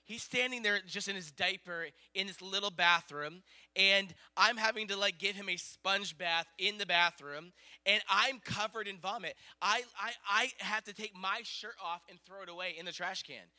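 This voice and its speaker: Male pastor, 30s, high and piercingly bright voice, rambling animated storyteller. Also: moderate pace. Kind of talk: storytelling sermon.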